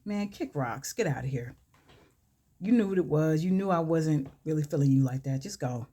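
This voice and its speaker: A man's voice: on the high side, animated, moderate pace, dark tone, slightly rough. Woman putting on a brash, dismissive teen boy. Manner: curt and brushing off.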